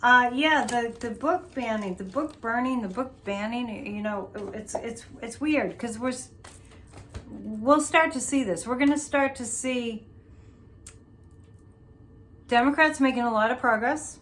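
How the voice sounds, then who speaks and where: A woman's voice: on the high side, measured pace, fairly bright tone, slight background noise. A woman hosting a psychic show, chatting loosely through a tarot reading with many restarts and asides. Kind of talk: casual tarot reading commentary.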